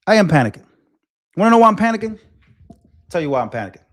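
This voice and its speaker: A man in his twenties hosting a livestream, talking in an impassioned, animated way and often repeating himself while answering chat. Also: high voice, quick pace. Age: 20s. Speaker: livestream host.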